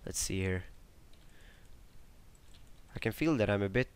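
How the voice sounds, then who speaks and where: A man giving casual live commentary over his own online shooter match, swearing, grumbling in frustration and breaking into excitable outbursts. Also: fairly low pitch, unhurried, clean tone, no room sound. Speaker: gameplay commentator.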